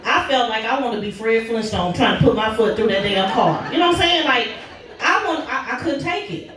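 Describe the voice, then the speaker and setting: A stand-up comedian from Oklahoma, telling animated stories about her kids. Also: a little fast, crowd noise. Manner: animated, jumps high in pitch for punchlines. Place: comedy club stage. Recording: echoey club from a distance.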